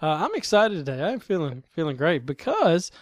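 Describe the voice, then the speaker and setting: Man, podcast host, wry banter, slightly high voice, dry sound. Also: wildly swooping pitch, normal speed, no room sound. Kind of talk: casual comedic banter.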